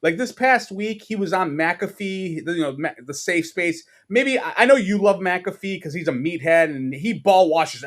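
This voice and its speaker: A man with a New York accent rants on a casual sports podcast, profane and exasperated. He slips into mocking voices to make his points, and his voice sits a little higher than most men's. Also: animated, normal speed, hardly any pauses. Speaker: podcast co-host.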